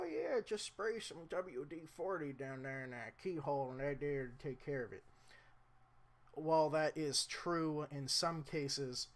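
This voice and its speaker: Young guy rambling about fixing his bike, kinda highish voice, jokes at himself. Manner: rambling, self-deprecating, chatty asides. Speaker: motorcycle vlogger. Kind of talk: casual how-to vlog.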